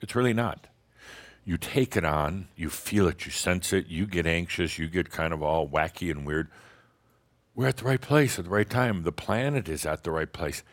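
A man's voice: sits low, normal speed. A man giving a rambling, playful spiritual talk to a live group, often chuckling and restarting his sentences. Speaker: spiritual teacher addressing an audience.

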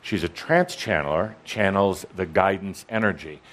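A man hosting a live gathering and chatting casually with his co-host in front of an audience, relaxed and full of "uh" fillers. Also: low voice, moderate pace. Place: gathering room with an audience present.

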